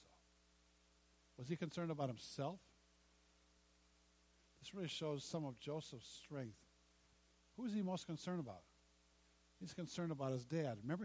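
A man preaching a sermon, telling a story dramatically with repeated lines and long pauses. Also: fairly high pitch, dry recording. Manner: dramatic, acts out quoted lines with pauses and repetition. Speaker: pastor.

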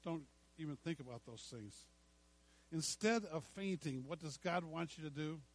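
A middle-aged male pastor preaching a sermon, slowing down to stress scripture and dropping to quiet asides. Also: fairly high pitch, poor audio. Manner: emphatic preaching, slows to stress scripture, drops to hushed asides.

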